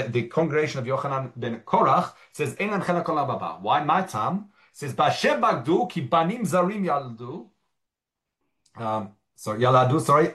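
A lively man with a medium-pitched voice teaches a Talmud study lesson, reading Aramaic phrases aloud and then translating and explaining them in English, with frequent fillers and restarts.

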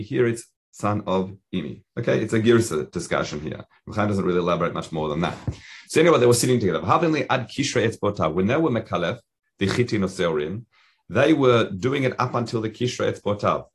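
A man's voice: on the low side, breathy edge. A man teaching a Talmud lesson in casual English, reading Hebrew and Aramaic phrases aloud as he goes.

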